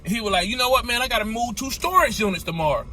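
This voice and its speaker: Male owner-operator trucker, high bright voice, loose casual storytelling, lots of exclamations. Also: very fast. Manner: animated, repetitive, exclamatory.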